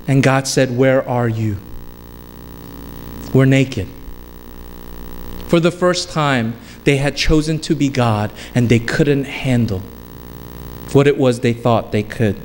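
A man's voice: mid-range voice, slow, pauses often. A male pastor preaching a sermon, emphatic and repetitive, slipping into casual storytelling asides. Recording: long hall reverb with faint background noise.

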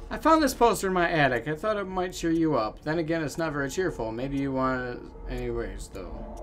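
A man giving casual gameplay commentary, animated with loud outbursts and self-mocking jokes. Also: on the high side, moderate pace, slight background noise. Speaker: gaming video host.

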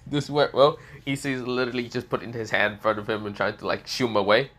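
A man's voice: mid-range voice, fairly even intonation, fast talker, fairly bright tone. A man improvising a fan-fiction story aloud, rambling with lots of fillers and casual swearing.

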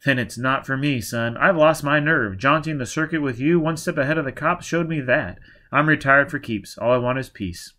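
A man's voice: mid-range voice, normal speed, bright, forceful tone, voice pushed up, close to an everyday voice. A man voicing a blustering retired crook. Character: nervous retired middle-aged male crook, blustering.

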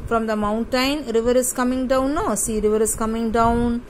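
A woman teaching young children from a workbook, going slowly, repeating words and spelling them out letter by letter. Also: a little high, steady tone, a little hiss or hum, low-quality recording. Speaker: primary school teacher. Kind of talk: classroom lesson, explaining a workbook page.

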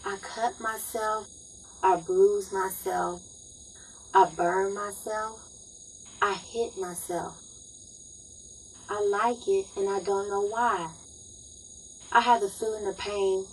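A woman's voice: mid-range voice, a little hiss or hum, natural voice. An actress performing dramatic poems as an abused young woman, with a raw, pleading delivery. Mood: bleak. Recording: echoey room.

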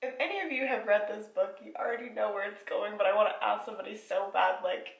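A woman book vlogger chatting casually about a novel she is reading, recapping the story and reacting out loud. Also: mid-range voice, fairly even intonation, fast, creaky, reverberant. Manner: chatty recap, breaking into laughs and pained outbursts while reading. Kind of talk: casual reading vlog chat.

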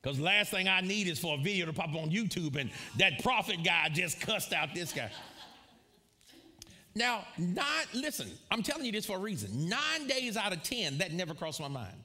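A man preaching a sermon to a live congregation, telling a personal story with frequent laughter and lively asides. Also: sits high, normal speed. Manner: animated storyteller, laughs often, calls out to congregation. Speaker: pastor. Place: church before a live congregation.

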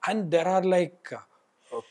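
A man, a pulmonologist, recounts patient stories in a lively, chatty way, his slightly high voice breaking into laughter as he goes. The talk is a relaxed interview. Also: normal speed. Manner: animated, laughs while telling anecdotes. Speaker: pulmonologist guest. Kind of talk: casual interview storytelling.

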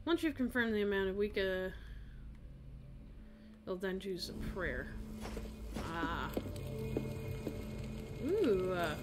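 A woman streaming a game, chatting in a bubbly, excitable, gushing way. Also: medium pitch, slow pace, pauses often, over loud music. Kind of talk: casual gameplay commentary. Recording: noisy with game audio.

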